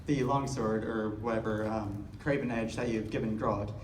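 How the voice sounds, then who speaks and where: A man's voice: fairly low pitch, fairly even intonation, normal speed, background noise. A man from the audience hesitantly asking a question, with many fillers. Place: large indoor convention hall. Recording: echoey hall from far off.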